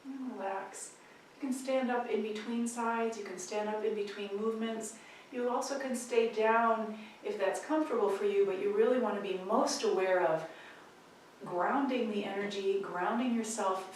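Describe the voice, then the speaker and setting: A woman teacher gently talks students through slow tai chi movements, her calm cues spaced out with pauses. Her voice sits in a mid range and sounds a little distant from the mic, with strong room echo around it and a faint hum of ambience behind. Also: mid-range voice. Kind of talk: guided movement instruction.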